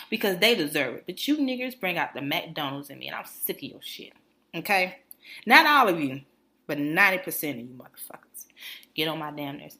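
Woman ranting on a podcast, bright forceful voice, does little voices for everybody in her story. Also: on the low side. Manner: animated, profane, mimics people in her stories. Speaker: podcast co-host. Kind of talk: casual storytelling rant.

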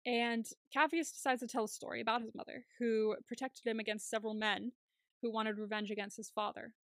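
A woman co-hosting a podcast, giving a casual, animated recap of a TV episode and acting out scenes with laughs. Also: on the high side, fairly quick, dry recording, studio quality. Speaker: podcast co-host.

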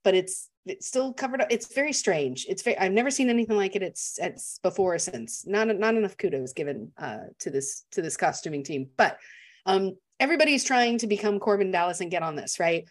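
A woman casually discussing a film as a podcast co-host, chatty and animated. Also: mid-range voice, a little fast. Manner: chatty and animated, laughs often.

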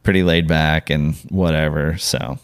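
A man's voice: rumbling low, steady tone, a little slow. A man co-hosting a podcast in casual chat, rambling with many fillers and restarts. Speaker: podcast co-host.

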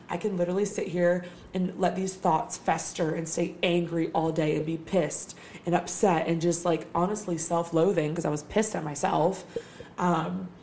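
A woman's voice: on the low side, darkish tone, a little hiss or hum. A young woman hosting a casual solo talk, chatty and swearing freely, with lots of filler words.

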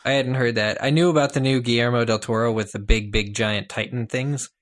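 A man's voice: medium pitch, steady tone, a little fast. A man co-hosting a podcast in casual chat, reading listener tweets and emails out with energy. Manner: chatty, reads tweets out with energy. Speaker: podcast co-host.

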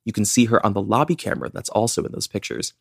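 A young man with a fairly low voice walks a listener through a true-crime case in an easy, chatty way. He keeps dropping "like" as he goes. The sound is close and dry. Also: lively intonation, fast talker, creaky, a bit bright, dry recording. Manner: chatty, many "like" fillers. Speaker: podcast co-host. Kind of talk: casual true-crime storytelling.

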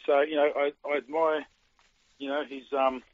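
An Australian man in his forties talks casually as an interview guest. He rambles, restarts, and leans on fillers. His fairly high voice comes through a dry, tinny phone line. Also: flat delivery, moderate pace, no echo. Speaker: guest, former footballer.

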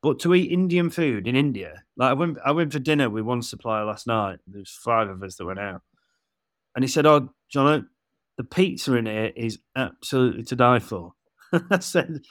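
A man's voice: mid-range voice, lively intonation, moderate pace, a bit bright, no room sound, clean studio sound. A man in his forties from England, chatting casually on a podcast and acting out the dialogue of his stories. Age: 40s. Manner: chatty storyteller, laughs and acts out dialogue. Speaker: podcast co-host.

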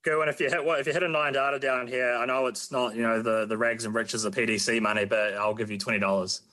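A man hosts a sports radio show in a relaxed, chatty way. His voice is bright and clear, and he speaks quickly. He likes to tease his guests. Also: mid-range voice. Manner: chatty, jokey, teasing. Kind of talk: casual radio chat and interviewing.

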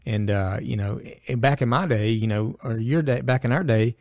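A middle-aged man, co-hosting a casual sports chat and telling stories in a lively, slangy way. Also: mid-range voice, moderate pace, vocal fry, dry recording, clean studio sound. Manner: animated storyteller, slangy, acts out voices. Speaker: podcast co-host.

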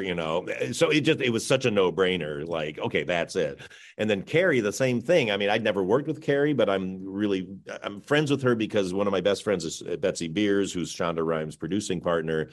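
A man's voice: deep voice, animated, a little fast. A middle-aged man, a film director, answering interview questions in a chatty, rambling way, often laughing and saying "you know".

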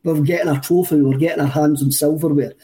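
A man's voice: on the high side, fairly even intonation, fast talker, warm tone, soft background music, low-quality recording. A Scottish man co-hosting a football podcast in casual chat, enthusiastic and rambling, often repeating himself. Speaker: podcast co-host.

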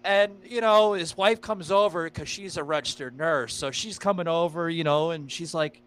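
A man's voice: fairly high pitch, normal speed, hardly any pauses, a bit bright, clean tone. A man hosting a podcast, telling stories in a rambling, profane way with lots of fillers. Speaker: podcast host. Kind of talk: casual podcast chat.

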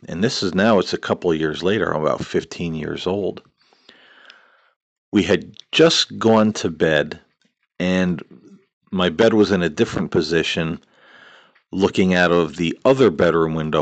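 A man's voice: deep voice, vocal fry, no echo. A middle-aged man hosting a podcast, telling a personal ghost story in a rambling way with many fillers and restarts. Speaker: podcast host.

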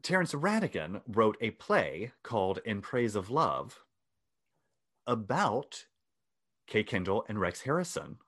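A man's voice: lowish voice, big pitch swings, slow pace, fairly bright tone. A man casually telling a gossipy old-Hollywood story to a co-host, wry and dry. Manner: wry storyteller, mock posh voices for quoted people.

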